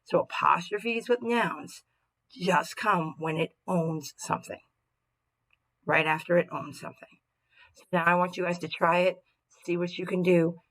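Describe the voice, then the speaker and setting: A woman's voice: lowish voice, steady tone, a little slow, a bit bright, rough recording. A woman teacher giving a recorded grammar lesson, upbeat and checking in with "right?" as she goes. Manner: upbeat, tags statements with "right?"; acts out example sentences expressively.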